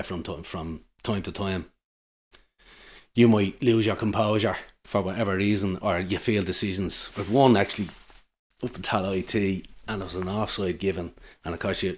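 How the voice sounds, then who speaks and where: A man's voice: low-pitched, fairly even intonation, moderate pace, breathy edge. An Irish man of middle age, a guest on a football podcast, telling rambling stories with many restarts. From Ireland. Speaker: guest, amateur football manager. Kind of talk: casual podcast chat.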